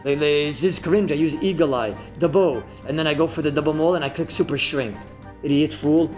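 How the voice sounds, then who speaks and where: A male streamer gives live play-by-play of his fights, brash and trash-talking, swearing freely and now and then breaking into yells. His voice sits a bit high and swings through a very lively pitch, and faint music runs underneath. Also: normal speed. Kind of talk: live gameplay commentary.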